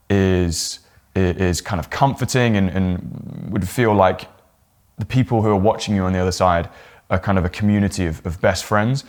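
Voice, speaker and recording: Young guy, lowish voice, teaching to camera, stretches his pitch way up and down to show how. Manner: demonstrates exaggerated pitch swings and rising or falling inflection. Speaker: presentation coach. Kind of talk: on-camera coaching lesson. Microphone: talking straight to camera.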